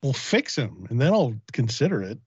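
A man's voice: mid-range voice, sing-song, normal speed, a little mellow, husky, dry recording, dull audio. A man co-hosting a casual comedy show, joking crudely and sarcastically. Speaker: podcast co-host.

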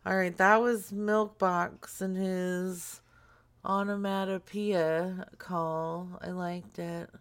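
Slow, gravelly woman host. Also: on the low side, little pitch movement. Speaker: radio show host. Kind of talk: casual show hosting.

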